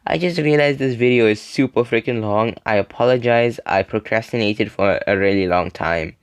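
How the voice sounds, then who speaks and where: A man's voice: lowish voice, moderate pace, clear, resonant tone. A young man telling a casual story to the camera in a rambling way, full of fillers and laughing between sentences. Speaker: storytime video creator.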